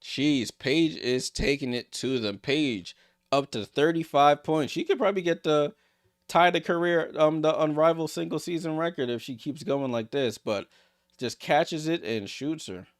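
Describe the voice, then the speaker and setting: Excitable man doing casual play-by-play. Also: a little high, normal speed, no echo, studio quality. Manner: excitable, joking, chatty. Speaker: streamer hosting a game watchalong. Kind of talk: casual live play-by-play commentary.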